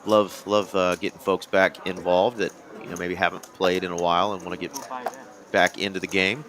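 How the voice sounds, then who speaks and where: A man's voice: low voice, little pitch movement, normal speed. A man co-commentating a live poker game in an easygoing way, reading out viewer messages. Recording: loud card-room crowd behind. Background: crowd chatter of a card room.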